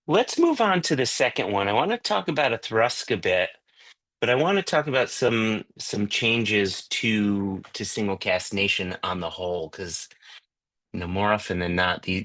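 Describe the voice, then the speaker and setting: A man's voice: deep voice, a bit bright. Chatty man on a video call. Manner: chatty, loose, with many fillers and restarts. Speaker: whisky tasting host. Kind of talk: casual online tasting talk.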